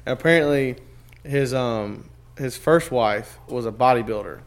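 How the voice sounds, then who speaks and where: A man's voice: mid-range voice, a little slow. Profane rambling young man telling stories. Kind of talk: casual chat.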